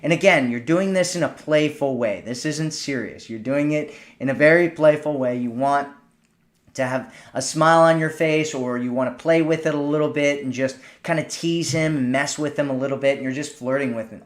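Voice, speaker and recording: A man giving dating advice in a relaxed instructional talk, often checking in with "right?" as he explains. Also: on the high side, normal speed. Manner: casual, keeps checking in with "right?". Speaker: dating coach.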